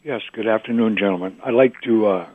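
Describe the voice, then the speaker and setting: Husky low male caller on the phone. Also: fairly quick, no room sound. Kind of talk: phone call to radio show. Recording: tinny phone line.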